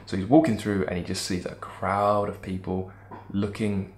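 A man teaching a poem in a lively, emphatic way, thinking aloud with frequent restarts. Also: on the low side, unhurried. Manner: animated, emphatic, musing with restarts. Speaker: literature teacher. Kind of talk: lecture-style video analysis.

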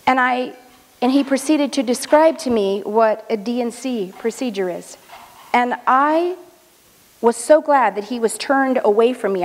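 A middle-aged woman telling a personal story at a luncheon in a measured, earnest way. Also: fairly high pitch. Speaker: speaker. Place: luncheon hall. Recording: reverberant hall.

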